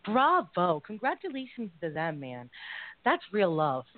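A woman's voice: fairly low pitch, wildly swooping pitch, a little slow, no echo. A woman co-hosting a casual live call-in show, gushing and rambling with many fillers. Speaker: co-host. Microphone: call-in line. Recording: tinny phone-line sound.

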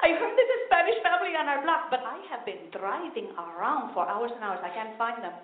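A woman voicing an excitable, scolding Puerto Rican mother with a Puerto Rican accent, mixing Spanish into her English. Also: high-pitched, slight background noise. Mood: advising. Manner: fast mix of Spanish and English, shouting. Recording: tinny lo-fi recording in an echoey room.

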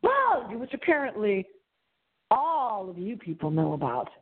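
A woman hosting a late-night radio show, chatting about movies in an animated, dramatic way. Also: mid-range voice, moderate pace. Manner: animated, dramatic, gasping and singing for effect. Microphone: phone held to the computer. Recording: tinny phone-like line.

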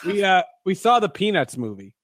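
A man's voice: sits high, very animated. A man hosting a podcast, chatting casually and joking with his co-host. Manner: joking, quick banter.

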